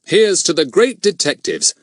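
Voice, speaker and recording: A man's voice: high voice, animated, normal speed, no room sound, clean studio sound, pitched above the performer's own voice. A man voicing a genial, dignified middle-aged police inspector in a storybook, courteous and formal with kindly teasing.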